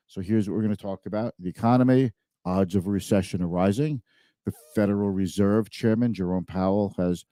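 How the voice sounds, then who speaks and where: Low, mellow man hosting a finance show. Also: dry recording, clean studio sound. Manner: conversational, emphatic, repeats words. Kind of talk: live-streamed finance talk.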